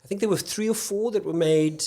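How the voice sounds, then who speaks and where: A South African man, an actor and comedian, talking as a podcast guest in a thoughtful, halting way, often restarting his sentences. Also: high-pitched, dark tone. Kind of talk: casual podcast conversation.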